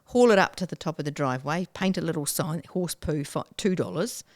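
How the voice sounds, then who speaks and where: A woman, a guest telling her story in a casual interview, animated and acting out her own past self with sudden squeals and whispers. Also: deep voice, a little fast, no echo, clean studio sound.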